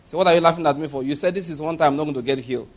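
A man's voice: a little high, rapid-fire. A man preaching a sermon, telling a story with acted laughter and emphatic direct questions to the congregation.

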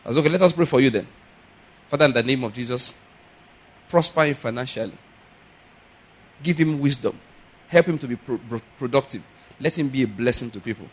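A man preaching a sermon, telling stories with animated swings between loud exclaims and quieter asides. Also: medium pitch, brisk, long pauses, slightly rough. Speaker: pastor.

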